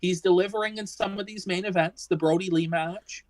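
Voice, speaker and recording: A woman's voice: on the low side, fairly even intonation, brisk, darkish tone, poor audio. A woman co-hosting a casual wrestling discussion stream, ranting with heavy swearing and exasperation. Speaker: podcast co-host.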